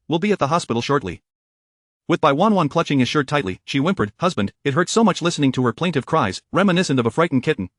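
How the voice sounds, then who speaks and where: A man narrating a story in a formal, even reading style. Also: mid-range voice, dry recording, studio quality.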